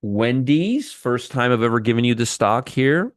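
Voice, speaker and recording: A man's voice: mid-range voice, expressive, moderate pace, no room sound. Male trading host, dry close sound, teasing and wry, live commentary.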